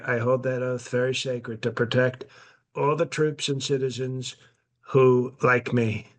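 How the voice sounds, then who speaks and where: Brash old president, rambling and smug, delivered deadpan, played by a male comedian. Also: mid-range voice, unhurried, lightly acted. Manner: rambling, boastful, deadpan, with self-interruptions. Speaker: podcast host in character. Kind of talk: improvised comedy podcast.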